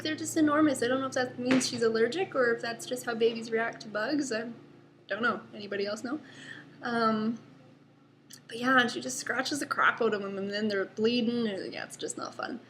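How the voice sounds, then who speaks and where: A woman's voice: on the high side, fairly bright tone, slight background noise. A young woman, a mother, chatting casually about her toddler in a rambling home vlog with many fillers. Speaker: vlogger, mother.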